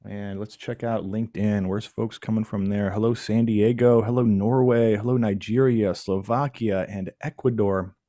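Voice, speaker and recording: A man from Michigan hosting a live stream, chatting casually and jokingly with the audience and pausing often on fillers. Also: on the low side, steady tone, dark tone, dry recording, studio quality. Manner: playful, jokey, chatty with frequent fillers. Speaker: livestream host.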